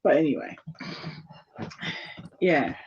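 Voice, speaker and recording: On a live stream she co-hosts, a British tarot reader chats casually, hesitating often and filling her speech with fillers and restarts. She's from England, and her accent slides between standard British and London speech. Her voice is low, husky and darkish, with lively intonation and a slow pace, and the highs are cut off.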